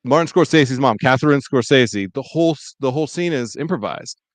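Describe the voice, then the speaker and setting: A man's voice: mid-range voice, expressive, fairly quick, dry recording. A man hosting a podcast in casual chat, telling reflective stories about family cooking with enthusiasm. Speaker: podcast host and chef.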